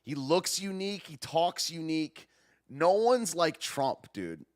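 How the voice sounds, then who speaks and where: A man hosting a podcast, chatting in an excitable, rambling way, dropping 'dude' and 'man' and laughing often. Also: a little high, measured pace. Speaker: podcast host. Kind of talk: casual live-stream commentary.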